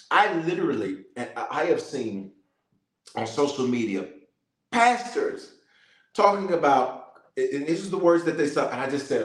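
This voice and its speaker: A man's voice: medium pitch, animated, moderate pace, a bit bright, roomy sound, poor audio. A man, a bishop, teaching about prayer and leading it with rhythmic, repeated declarations and casual asides.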